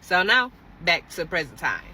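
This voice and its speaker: A young adult woman casually telling a dramatic dating story straight to her viewers, animated and expressive. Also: fairly low pitch, normal speed, a little hiss or hum.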